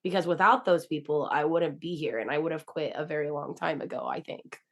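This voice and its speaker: Low gravelly-voiced woman telling her story. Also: brisk. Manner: storytelling, acts out quoted dialogue, emotional. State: teary-eyed. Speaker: guest, DJ. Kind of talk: casual interview chat.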